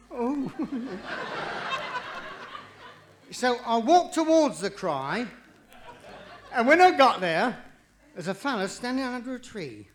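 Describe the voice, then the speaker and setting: A man doing live stand-up comedy, cheeky and quick, with jokes that rise into punchlines. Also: high-pitched, fairly bright tone, a little hiss or hum. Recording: vinyl live recording, audience laughter, distant.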